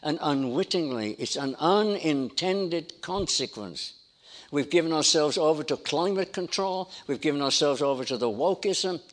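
A man's voice: fairly high pitch, lively intonation, moderate pace. A man preaching a sermon in an emphatic style, building his points through repetition. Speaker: pastor.

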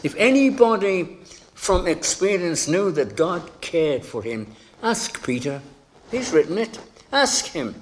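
A man's voice: high-pitched, big pitch swings, takes it slowly, slight background noise. A male preacher giving a sermon, emphatic and dramatic, acting out scenes with quoted voices.

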